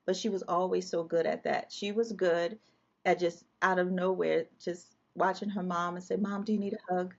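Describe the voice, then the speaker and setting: A woman's voice: fairly low pitch, steady tone, normal speed, vocal fry, darkish tone, dull audio. A woman guest telling an emotional personal story, vividly reliving scenes with quoted dialogue.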